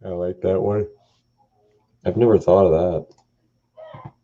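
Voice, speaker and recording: A man's voice: deep voice, steady tone, slow. A man co-hosting a live guitar stream, bantering in a laid-back way with jokey asides. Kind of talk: casual live-stream chat. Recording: dull lo-fi stream audio.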